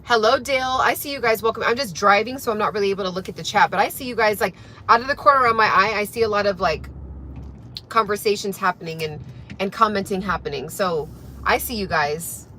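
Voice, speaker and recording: A woman's voice: mid-range voice, quick pace, pushed and bright, a little hiss or hum. A young woman, a fitness coach, chatting casually and motivationally on a livestream while she drives, with many fillers and restarts. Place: in a car.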